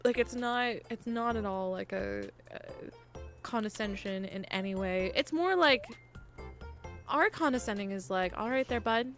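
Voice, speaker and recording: A woman from Canada chatting casually on a livestream, giggly and animated, swearing freely. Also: mid-range voice, unhurried, soft background music. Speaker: streamer. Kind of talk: casual chat.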